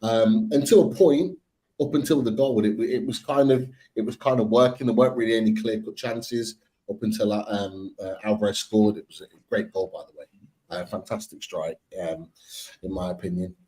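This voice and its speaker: Guy breaking down a match, slow and careful, lots of ums, warm low-key voice. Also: steady tone, low-quality recording. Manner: measured, hesitant with "um"s. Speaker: Newcastle fan pundit. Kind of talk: casual podcast analysis.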